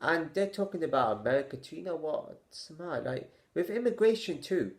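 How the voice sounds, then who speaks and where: A man with a slightly high, sing-song voice vlogs his opinions to the camera, halting and stammering as he goes. He sighs in exasperation and fires off rhetorical questions.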